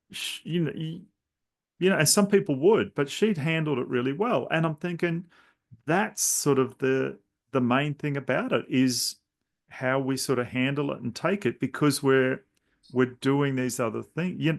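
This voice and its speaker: Male podcast host, gravelly voice, chatty and rambling anecdotes. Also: medium pitch. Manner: rambling, many restarts and "you know". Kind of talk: casual storytelling chat.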